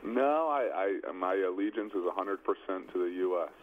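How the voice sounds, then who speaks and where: A young man in his twenties, a football quarterback, answering interview questions in a hesitant, halting way. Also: low-pitched, expressive. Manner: hesitant, halting, repeats words. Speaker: professional football quarterback guest. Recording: dull lo-fi line with faint noise.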